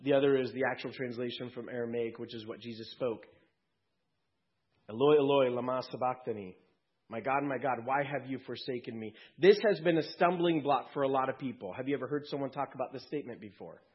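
Husky-voiced man preaching an Easter sermon. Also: mid-range voice, quick pace, hardly any pauses, highs cut off. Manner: conversational preaching with quips to the congregation. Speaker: pastor.

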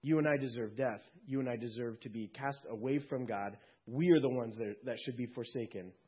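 Earnest husky male pastor preaching. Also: mid-range voice, brisk. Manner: earnest, swelling then hushed. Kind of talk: sermon. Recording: dull lo-fi recording.

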